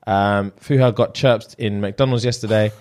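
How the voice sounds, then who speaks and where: A man's voice: fairly low pitch, moderate pace. A man co-hosting a casual chat, thanking listeners and retelling stories while acting out the people in them. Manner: animated, acts out people in the story. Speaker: podcast co-host.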